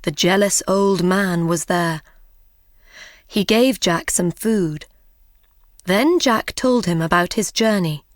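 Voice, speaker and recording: A woman reads a fairy tale for English learners at a very slow, careful pace. Her phrasing is clear and measured, and the recording is dry and close with no room sound. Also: lowish voice, no room sound. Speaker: narrator. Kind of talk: graded storybook reading for English learners.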